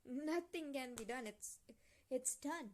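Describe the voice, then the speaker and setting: Young woman book vlogger, high-ish voice, indignant rants broken by hushed reading. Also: animated, slow, a little hiss or hum. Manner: quiet, muttered reading of passages. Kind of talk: reading vlog reaction.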